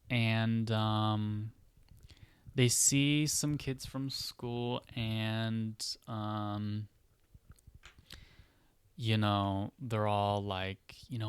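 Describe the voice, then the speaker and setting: Slow, rambling male podcaster. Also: fairly low pitch, flat delivery, clean tone, no room sound. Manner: rambling, filler-heavy, many "like" and "you know". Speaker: podcast host. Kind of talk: casual storytelling of a book idea.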